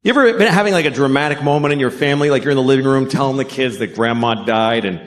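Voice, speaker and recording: A middle-aged man doing a stand-up comedy set on stage, deadpan and profane, acting out bits. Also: medium pitch, quick pace. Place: stage before a live audience.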